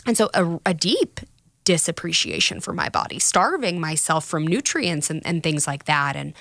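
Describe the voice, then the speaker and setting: A woman's voice: low voice, lively intonation, normal speed, vocal fry, fairly bright tone, dry recording, clean studio sound. A woman talking candidly about recovery in a casual podcast chat, telling stories with quoted voices.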